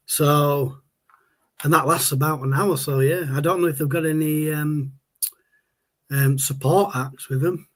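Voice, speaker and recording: A man's voice: fairly high pitch, steady tone, a little slow. A man, hosting a casual livestream and rambling as he answers viewer chat. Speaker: livestream host.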